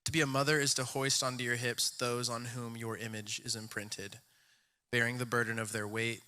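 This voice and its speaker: A man reading a poem aloud slowly and deliberately in front of a church congregation. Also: medium pitch, flat delivery, pushed and bright. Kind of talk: poetry reading.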